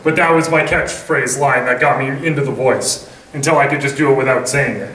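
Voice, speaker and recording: A man's voice: mid-range voice, brisk, fairly bright tone. Man, voice actor, panel talk, rambling, somewhat distant mic, faint background noise. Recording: echoey hall, mic from far off.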